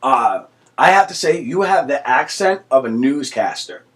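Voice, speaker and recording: A man's voice: mid-range voice, lively intonation, moderate pace, fairly bright tone. Guy cohosting a loose jokey chat show, swears a lot, laughs a lot. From East Coast of the United States. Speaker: co-host. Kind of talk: casual chat.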